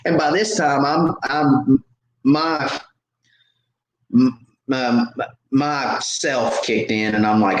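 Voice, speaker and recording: Animated man telling a story, echoey. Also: medium pitch, slow pace, long pauses. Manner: animated, self-mocking storyteller. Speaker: host. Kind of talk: casual storytelling.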